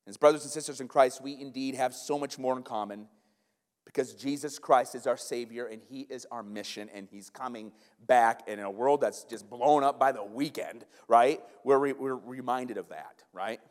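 An American man preaching a sermon as pastor, lively and conversational, checking in with the congregation with frequent asides. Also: mid-range voice, moderate pace. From United States. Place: church sanctuary. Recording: long hall reverb in a sanctuary.

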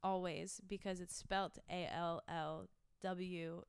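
A woman's voice: lowish voice, flat delivery, takes it slowly, gravelly, clean tone, no echo, clean studio sound. A young woman, a singer-songwriter, chatting in an interview, gushing and emotional with lots of fillers. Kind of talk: casual interview chat.

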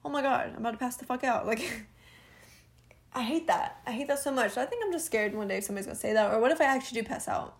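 A woman's voice: fairly high pitch, fast talker. A young woman of about twenty, venting casually on her own podcast, rambling with lots of fillers and laughing now and then. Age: young adult. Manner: rambling, filler-heavy, candid, frequent laughs. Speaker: podcast host.

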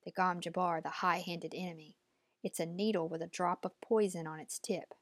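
A woman's voice: fairly low pitch, fairly even intonation, moderate pace, no room sound, natural voice. A woman voicing a stern, commanding old woman who gives clipped, imperious orders, in a dry, close recording.

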